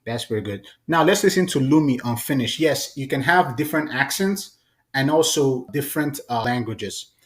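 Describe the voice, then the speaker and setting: A man hosting a casual, chatty software tutorial. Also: medium pitch, lively intonation, normal speed. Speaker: tutorial host.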